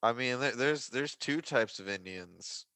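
A man in a casual chat, making wry, deadpan and profane asides. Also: mid-range voice, unhurried, dry recording. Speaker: guest.

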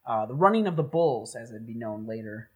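A man hosting a podcast, retelling a Greek myth in casual, rambling talk, full of swearing and quick acted-out asides. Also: mid-range voice, animated, darkish tone, husky. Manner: rambling, profane, acts out characters in quick asides. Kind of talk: casual storytelling with friends.

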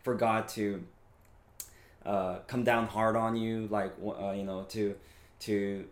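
A man in his thirties preaching a sermon in a relaxed, conversational way, often checking in with his listeners. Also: on the low side, slow pace, roomy sound. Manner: conversational, frequent "right?" and fillers. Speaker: pastor.

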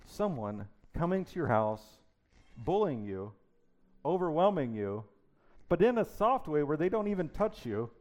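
A man's voice: on the high side, big pitch swings, unhurried, darkish tone. A middle-aged man preaching a sermon in an emphatic, conversational way, full of rhetorical questions. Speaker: pastor.

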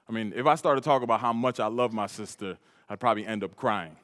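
A pastor from New York preaching a sermon, telling a personal story with repeated, emphatic phrases. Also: male voice, lowish voice, fast, a bit bright. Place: church hall. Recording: reverberant hall.

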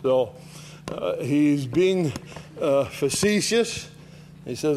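Animated man teaching a Bible passage. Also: fairly high pitch, drawn-out words, a little hiss or hum. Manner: animated storytelling, acts out quoted voices.

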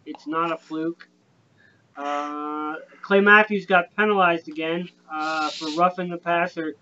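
A man's voice: fairly even intonation, unhurried, pushed and bright. A man hosting a casual sports podcast, rambling with lots of fillers and swearing. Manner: profane, rambling, filler-heavy. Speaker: podcast host. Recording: dull lo-fi with faint rumble.

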